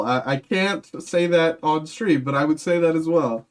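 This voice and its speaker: A man's voice: on the high side, moderate pace, hardly any pauses. A young man from Massachusetts hosting a live card break, chatting casually with lots of fillers and restarts. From Massachusetts, outside Boston. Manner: rambling, many fillers and restarts. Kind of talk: casual live-stream chat while opening packs.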